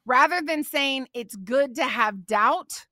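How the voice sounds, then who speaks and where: A woman's voice: sits high, slow, pushed and bright, no room sound, clean studio sound. A middle-aged woman hosting a faith podcast, answering questions and reading scripture in an emphatic, passionate way. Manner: emphatic and passionate, getting on a soapbox. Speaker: podcast host.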